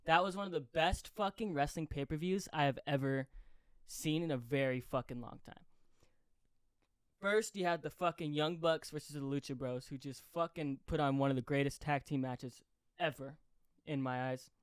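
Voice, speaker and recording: Young dude hosting a podcast, cusses every other word, hypes himself up and yells, smooth voice. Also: male voice, on the high side, dry recording, clean studio sound. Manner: swears constantly, fast and excitable, yells when reliving moments. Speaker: podcast host. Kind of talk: excited casual chat.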